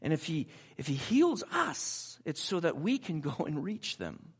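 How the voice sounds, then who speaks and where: High, lively-voiced male preacher. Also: unhurried, vocal fry, slightly rough. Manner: asks the audience rhetorical questions; conversational, personal asides. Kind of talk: sermon.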